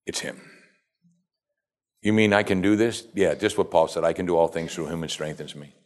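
Male pastor, lower voice, sermon delivery, emphatic call-and-response. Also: moderate pace, a little mellow.

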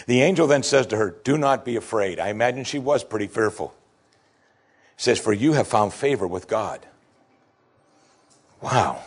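A man preaching a sermon, emphatic and animated, acting out quoted lines from the scripture. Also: fairly low pitch, normal speed, pauses often, slightly rough. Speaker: pastor.

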